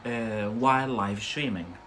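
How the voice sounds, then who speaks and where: A man's voice: on the low side, measured pace, fairly bright tone. A man with a Scottish accent teaching English words on a live stream, chatty and checking in with frequent tag questions.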